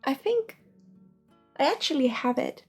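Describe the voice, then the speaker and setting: A woman from Sweden hosting a casual livestream, soft-spoken and giggly, often slipping into a whisper. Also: high voice, big pitch swings, unhurried, soft background music. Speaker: livestream host and intuitive reader. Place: home room with shelving.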